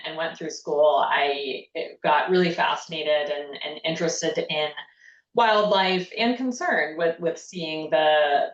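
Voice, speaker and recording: A woman, a guest on a panel, answering in a friendly, reflective way with many pauses and ums. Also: sits low. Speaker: panel guest, sustainability advocate. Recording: dull, echoey sound from far off.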